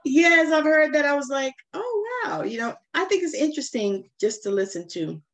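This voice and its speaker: A woman's voice: high voice, lively intonation, brisk, fairly bright tone. A woman from Savannah with a Southern American accent, hosting an interview, effusive and laughing often. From Savannah, Georgia, US. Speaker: host. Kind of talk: casual interview chat.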